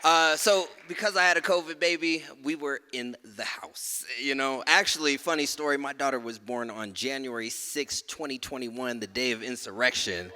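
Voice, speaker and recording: A man performing spoken word poetry and telling stories on a live stage, rhythmic and emphatic, letting his lines fall soft at the ends. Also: mid-range voice, normal speed, hardly any pauses, in a large hall. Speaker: performance poet. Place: live stage at a museum event.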